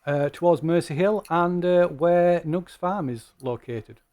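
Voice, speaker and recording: A man running a tabletop game as game master, narrating with many pauses, ums and restarts. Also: fairly high pitch, darkish tone.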